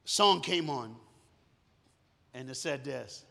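A male preacher telling a story to his congregation, his voice bright and forceful and pitched a little high. He drops to hushed tones and then bursts into sung lines. The sound trails off in a long, reverberant hall. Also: moderate pace. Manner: dramatic, swings from hushed to loud, sings song lines. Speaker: guest preacher. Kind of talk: storytelling sermon.

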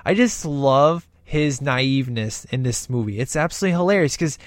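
A man's voice: mid-range voice, expressive, normal speed, no echo. Enthusiastic rambling man, dry sound. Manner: enthusiastic and rambling, acting out quoted lines. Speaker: movie reviewer. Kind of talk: casual movie commentary.

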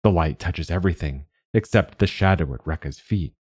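A man hosting and narrating a short story in a calm, measured way. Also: deep voice, slightly rough, no room sound, studio quality. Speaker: host and narrator.

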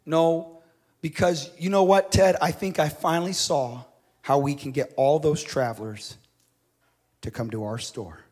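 A man's voice: a little high, steady tone, measured pace, darkish tone. A man voicing a practical prairie storekeeper's wife, eagerly explaining an idea in a read-aloud story.

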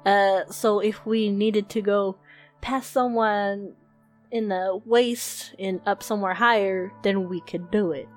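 A woman speaks in character during a tabletop game, hesitant and stammering. She talks slowly at a medium pitch. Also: fairly even intonation, soft background music. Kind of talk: in-character role-play.

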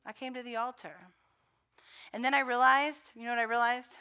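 A woman pastor preaching a sermon, moving between conversational storytelling and loud, fervent repetition. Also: a little high, flat delivery, fairly quick, smooth.

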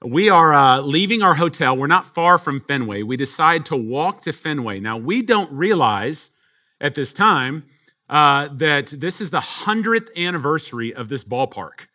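A man's voice: fairly high pitch, animated, a little slow, pushed and bright. A man from Texas, a pastor, telling a story in a sermon, chatty with many fillers.

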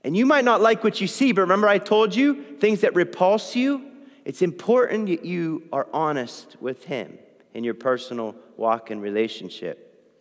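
A man's voice: high-pitched, normal speed. A man preaching a sermon to a live congregation, acting out quoted prayers and complaints as he goes. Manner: animated, acts out quoted prayers. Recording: long reverb in a hall.

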